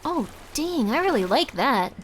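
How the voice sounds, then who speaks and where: A woman's voice: high-pitched, big pitch swings, a little slow, slight background noise. A woman streaming a game live, chatting to her viewers in a rambling, easily startled way.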